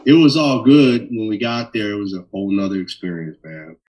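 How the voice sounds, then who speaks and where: A middle-aged man from Minnesota, a bassist telling stories in an interview with lively animation. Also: brisk, distant mic, low-quality recording. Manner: animated storyteller, acts out voices in quotes. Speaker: bassist guest. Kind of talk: storytelling interview.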